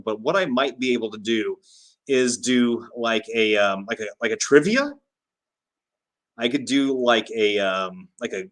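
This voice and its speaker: A man's voice: medium pitch, a bit bright. A man hosting a casual livestream, chatting and reading out viewer comments with frequent fillers and laughs. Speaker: livestream host.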